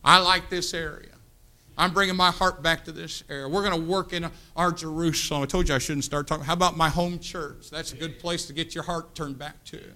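Pastor, man in his 50s, American, fervent church sermon, very bright ringing tone, slightly high voice. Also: steady tone, fairly quick. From United States. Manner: impassioned preaching, swells loud then drops to hushed. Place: church sanctuary.

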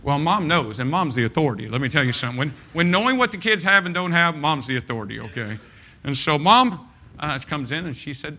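A man's voice: fairly high pitch, big pitch swings, brisk, pushed and bright, slight background noise. A man preaching a sermon as pastor, emphatic and folksy, often repeating his phrases.

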